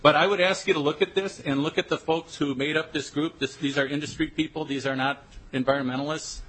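A man giving public testimony at a committee hearing, earnest and halting. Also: on the high side, steady tone, a bit bright, low-quality recording.

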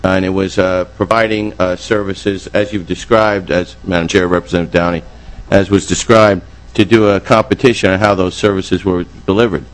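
A man's voice: sits low, fairly even intonation, moderate pace, poor audio. An older man testifying before a legislative committee, formal but rambling, with heavy filler sounds.

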